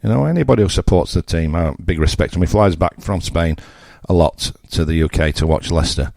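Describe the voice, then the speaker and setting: A man's voice: low voice, brisk, creaky, darkish tone, no room sound, studio quality. A man in his sixties from England with a Yorkshire accent, presenting a radio show in a blunt, mocking, conversational monologue with asides. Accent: Yorkshire English.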